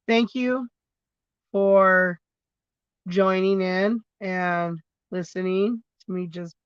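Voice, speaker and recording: A woman's voice: on the low side, smooth, no echo, dull audio. A woman chatting casually on a phone livestream, rambling between topics, swearing freely and laughing often. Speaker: livestream host.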